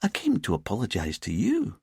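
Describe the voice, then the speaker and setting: A playful, lilting woman in her early forties with an Edinburgh accent, as a male narrator voices her. She teases lightly and stays at ease. The reading is husky and dry, with a lively lift in pitch. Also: fairly quick, dry recording, heavily acted. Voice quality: lilting, teasing.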